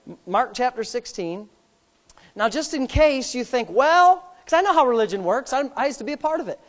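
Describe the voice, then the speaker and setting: A woman preaching a sermon, emphatic, swinging between loud declarations and hushed asides. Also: fairly high pitch, animated, fairly quick. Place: church. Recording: long hall reverb.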